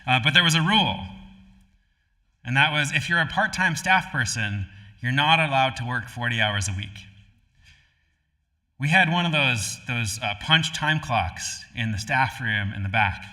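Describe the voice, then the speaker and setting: A male pastor from Connecticut giving a storytelling sermon in a relaxed, conversational way, with frequent fillers and restarts. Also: mid-range voice, measured pace. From Connecticut, USA. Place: church sanctuary. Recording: live-streamed hall with long reverb.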